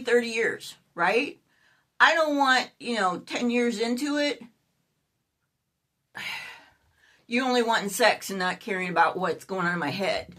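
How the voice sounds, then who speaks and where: Blunt sixty-something lady ranting about a bad date, mid-pitch, swears a bit. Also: fairly bright tone. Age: 60s. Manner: outspoken, swears, exasperated. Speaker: vlogger. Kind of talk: candid storytelling to camera.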